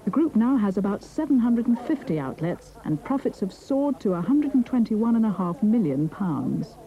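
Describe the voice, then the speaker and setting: A woman reading a documentary narration in a measured, even way. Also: on the high side, muffled recording. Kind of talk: scripted narration.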